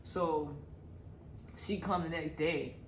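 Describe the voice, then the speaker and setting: A woman telling a story in a casual vlog, animated and profane, acting out a quarrel. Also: sits low, slow pace. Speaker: vlogger. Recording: echoey room with faint background noise.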